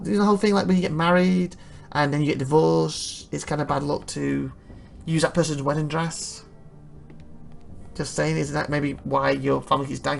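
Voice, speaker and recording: Gravelly guy rambling jokes over his game playthrough. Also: on the high side. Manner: joking, rambling asides. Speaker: let's play host. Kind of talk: casual gameplay commentary.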